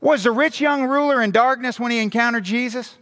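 Male pastor, high voice, animated sermon, rhetorical questions, long reverb of a big hall. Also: fairly quick.

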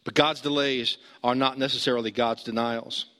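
A man preaching a sermon as pastor, earnest, rising high when he urges and dropping low and slow for emphasis. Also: fairly even intonation, pushed and bright, long reverb tail.

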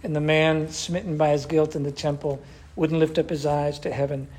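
A man's voice: on the high side, level tone, moderate pace, a little mellow. An older man, a pastor, teaching a church class in a conversational way and asking the group questions.

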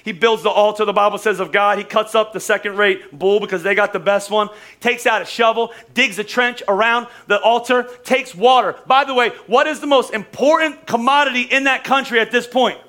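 A man, a pastor preaching a lively, joking sermon in a church service, repeating phrases for emphasis. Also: sits high, a little fast, few pauses.

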